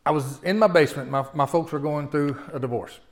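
A man in his forties delivers a sermon to his congregation. His voice sits a little high, and he shifts between soft, confessional storytelling and loud, fervent preaching. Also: fairly quick. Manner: swings from hushed storytelling to loud impassioned preaching. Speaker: pastor.

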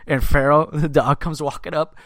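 A man's voice: little pitch movement, moderate pace, fairly bright tone, no echo, studio quality. A man co-hosting a podcast in casual chat, a profane storyteller who quotes people in mocking voices. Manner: profane storyteller, jumps into high mocking voices when quoting. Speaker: podcast co-host.

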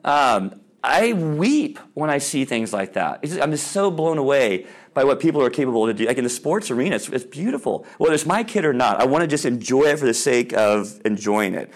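A man speaking on Christian sports parenting gives parents an informal talk, telling stories loudly and animatedly while voicing the people he quotes. He's casual, full of ums and restarts, with a mid-range voice, a slightly fast pace and hardly any pauses.

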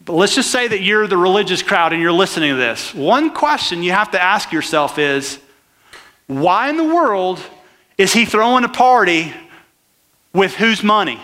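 Brief: male pastor, high bright voice, chatty sermon, asks the room questions. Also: lively intonation, moderate pace, big-room sound. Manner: conversational, questions the crowd directly.

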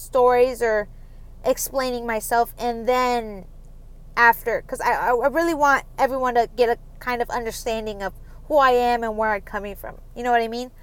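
A woman's voice: a little high, fairly even intonation, normal speed, a bit bright, clean tone. A young woman hosting a solo podcast, rambling through personal stories with many ums and nervous little laughs. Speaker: podcast host. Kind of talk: casual solo podcast confession.

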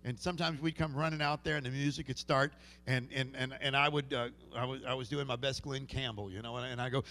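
Speaking fast in a steady, medium-pitched voice with a fairly bright tone, this male pastor tells homespun stories from the pulpit, often starting sentences over. His sermon echoes with the long reverb of the church sanctuary.

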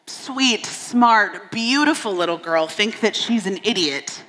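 A woman's voice: medium pitch, animated, takes it slowly, few pauses, fairly bright tone, big-room sound, low-quality recording. A woman in her thirties preaching a sermon, telling candid, self-deprecating stories about her family with humor. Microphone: stage microphone.

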